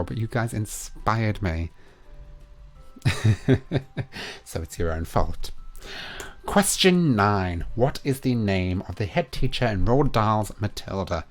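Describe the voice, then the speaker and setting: A young man hosting a live online quiz. He reads each question twice, slowly and with emphasis, and chats playfully between questions. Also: lowish voice. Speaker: quiz host.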